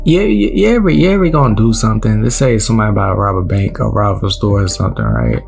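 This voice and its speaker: A man's voice: fairly low pitch, big pitch swings, quick pace, vocal fry, a little mellow, soft background music. A man reacting to a clip, explaining and preaching in casual slang and repeating his points. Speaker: reaction video host. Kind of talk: reaction commentary.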